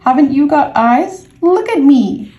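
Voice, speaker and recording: A woman voicing a timid, tiny male piglet in a storybook reading, with high, squeaky, panicky cries. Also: moderate pace, dull audio. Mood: indignant. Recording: echoey room, faint music.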